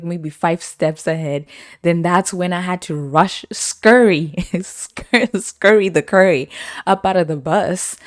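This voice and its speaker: Young woman, podcast host, casual storytelling, laughs a lot, slightly low voice. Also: dry recording, clean studio sound. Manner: animated, laughs often, acts out quoted voices.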